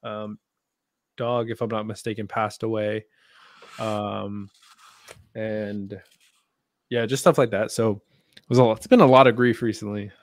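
A man's voice: lowish voice, little pitch movement, unhurried, long pauses, dry recording. A man co-hosting a casual livestreamed podcast, thinking aloud in a loose, hesitant, profane way. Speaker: podcast co-host posing the question.

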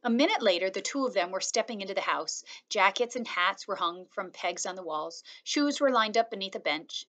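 A woman reading a children's novel aloud chapter by chapter, in a calm, steady storytelling manner. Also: medium pitch, fairly quick, few pauses. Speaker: reader.

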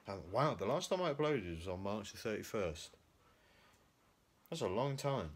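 A young man chats in a casual vlog at home, indoors and outdoors, rambling and poking fun at himself, his speech thick with fillers. His voice is on the low side, with lively intonation and a moderate pace. He films on a handheld camera at arm's length.

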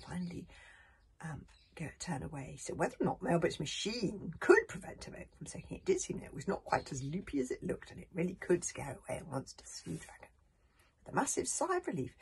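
A woman reading a children's book aloud, expressive, sinking to whispers and adding casual asides. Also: fairly low pitch, gravelly, husky. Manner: expressive, drops to whispers, laughs at slips and adds asides. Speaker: reader.

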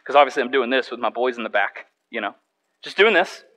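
A man preaching a sermon from a church stage as a pastor, telling a personal story in an animated way and repeating words when he restarts. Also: mid-range voice, fast, poor audio.

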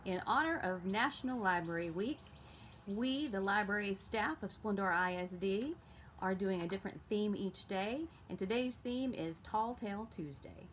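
A woman school media specialist reading a folk tale aloud to children with expressive delivery. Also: mid-range voice, normal speed, slight background noise, low-quality recording. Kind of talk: storybook read-aloud.

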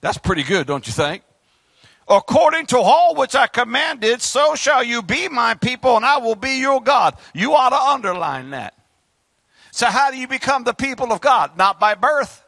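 A male pastor with a Southern US accent, preaching a fiery sermon and swinging from loud outbursts to quiet asides. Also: very high voice, dry recording. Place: church sanctuary.

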